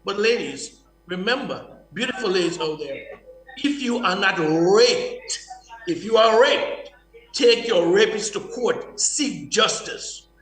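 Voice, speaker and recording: A man's voice: sits high, lively intonation, slow pace, a bit bright, reverberant, distant mic, soft background music, low-quality recording. A man giving an impassioned, preachy talk on a morning show, repeating words and restarting phrases. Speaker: guest speaker.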